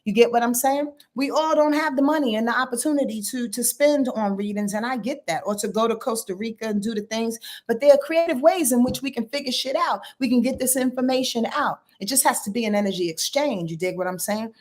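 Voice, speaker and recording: A middle-aged woman talking casually to her livestream viewers as their astrologer. Her voice sits a little high for a woman. She is blunt and animated, swearing freely and telling stories in a loose, chatty flow. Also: fairly quick, few pauses. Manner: blunt, animated storytelling with profanity and laughs. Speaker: astrologer and tarot reader.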